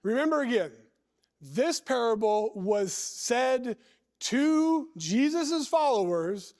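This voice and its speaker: A man preaching a sermon in a church. He reads scripture and talks deliberately, stretching words and putting questions to the listeners. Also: very high voice, very animated, a little mellow.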